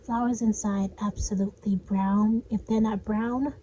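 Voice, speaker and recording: A woman's voice: mid-range voice, fairly even intonation, measured pace, mellow, slight background noise. A young woman narrating her craft project in a chatty, self-deprecating way, sometimes dropping to a whisper. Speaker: crafting vlogger.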